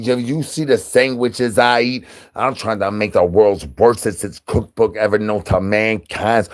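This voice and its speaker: A man hosts a loose, rambling livestream. His voice sits somewhat low, and he spins goofy nonsense, repeated chants and silly wordplay in a casual chatty flow. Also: a little mellow. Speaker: livestream host.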